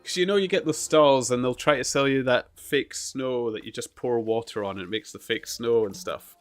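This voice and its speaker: A man's voice: mid-range voice, normal speed, faint music behind. A man chatting casually while streaming a game, rambling through laid-back stories with plenty of filler. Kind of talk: casual chat while gaming.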